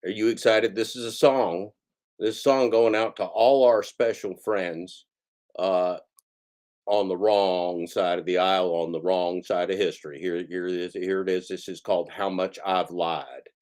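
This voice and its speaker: A man hosting a comic karaoke livestream, rambling and halting, who talks about himself in the third person with mock-grandiose showman patter. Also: low-pitched, fairly even intonation, a little mellow. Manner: rambling, halting, restarts mid-phrase. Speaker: karaoke stream host.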